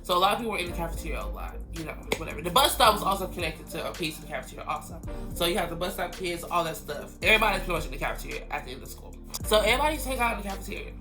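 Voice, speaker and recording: A man's voice: high voice, lively intonation, racing, music in the background. A young man in his late teens telling a school story in casual storytime chat, full of "like" fillers and acted-out quotes. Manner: chatty, many "like" fillers, acts out quoted friends. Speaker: vlogger.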